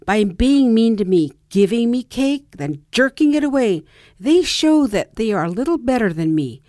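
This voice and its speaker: A woman's voice: fairly high pitch, sing-song, normal speed, mellow, no room sound, clean studio sound. A middle-aged woman reads a personal story aloud in a reflective way and acts out the people she quotes. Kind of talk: personal essay reading.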